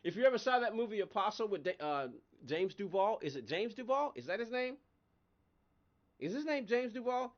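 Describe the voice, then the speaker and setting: A man's voice: sits high, highs cut off. A man chatting casually on a live game stream, rambling between stories and laughing often. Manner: chatty, laughs often, voice jumps up when excited. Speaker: gaming livestream host.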